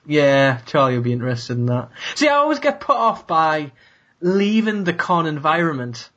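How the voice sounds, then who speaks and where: A man with a Cockney accent co-hosting a podcast in casual chat, animated and quick to laugh. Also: on the high side, muffled recording. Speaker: podcast co-host.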